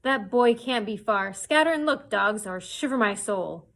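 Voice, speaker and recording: A woman voicing a cruel, raging blind old male pirate, shouting orders while reading a story aloud. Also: medium pitch, expressive, moderate pace, creaky. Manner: shouting, snarling commands.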